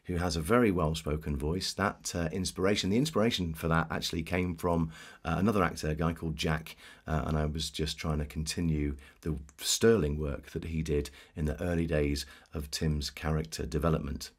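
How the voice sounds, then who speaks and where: A man's voice: very deep voice, steady tone, fairly quick. A man who works as a voice actor, chatting casually from his home studio and keen to slip into accents. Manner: chatty and eager to switch into accents. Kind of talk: casual chat about voice acting.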